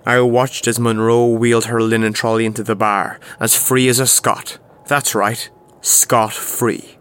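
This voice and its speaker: A man's voice: medium pitch, unhurried, smooth. Wry man narrating a comedy. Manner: wry, deadpan narration with puns. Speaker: narrator and lead player. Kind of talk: comic improvised narration.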